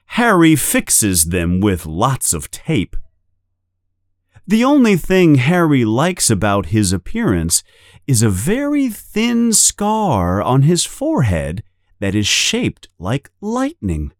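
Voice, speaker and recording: A man reads a children's story aloud at an unhurried pace, his pitch rising and falling with the tale. His voice sits on the low side and is recorded close and dry. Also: no echo. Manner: slow, lively storytelling. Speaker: narrator. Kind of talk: slow storybook read-aloud.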